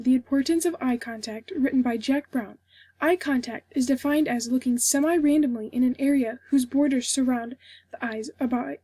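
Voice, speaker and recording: A young female student reads an informative class speech from her script in a steady, formal manner. Her voice is high yet mellow with a slight huskiness, and the recording is dry and close with no room sound.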